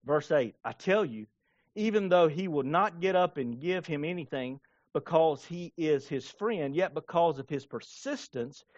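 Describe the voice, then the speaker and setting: A man's voice: fairly high pitch, unhurried, no echo, dull audio. A male pastor preaching a sermon, reading scripture and acting out stories with playful voices and laughter. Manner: animated, acts out scenes with playful voices and laughter.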